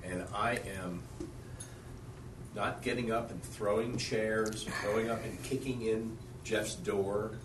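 A man's voice: fairly low pitch, fairly even intonation, slow pace. A man in a Bible study defending himself and getting worked up, apologizing as he argues. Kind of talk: heated argument. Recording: roomy, distant, faint noise.

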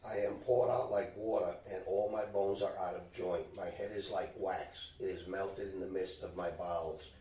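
A man reading scripture aloud in a slow, measured way at a Bible study, now and then stumbling on a word. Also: low-pitched, steady tone, dark tone, a little hiss or hum. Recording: echoey room, distant mic, faint background.

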